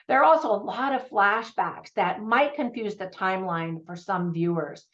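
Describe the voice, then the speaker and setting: A woman's voice: mid-range voice, unhurried, highs cut off. A woman giving a casual, chatty movie review for parents, often laughing.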